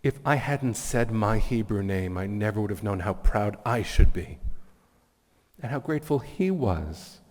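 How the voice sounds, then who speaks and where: A man's voice: fairly low pitch, lively intonation, measured pace, a little mellow. A man giving a keynote sermon as a rabbi, telling stories in an earnest, reflective way and offering blessings. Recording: long hall reverb.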